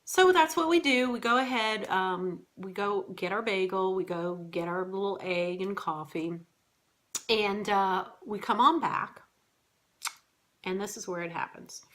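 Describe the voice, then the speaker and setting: A woman vlogger telling a story to camera in a casual, animated, exasperated way. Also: medium pitch, measured pace.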